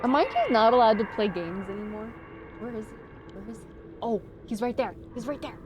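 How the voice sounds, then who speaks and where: A woman's voice: a little high, very animated, a little fast, noisy background. Chatty, giggly young woman streamer. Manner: chatty and giggly, talks to her dog and chat. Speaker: game streamer. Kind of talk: casual live-stream chat. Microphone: desk microphone on a squeaky stand.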